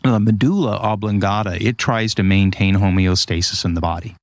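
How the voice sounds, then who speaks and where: A man in casual conversation, explaining ideas through lively stories and acted-out quotes. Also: on the low side, brisk, no room sound. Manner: animated storyteller, acts out quotes.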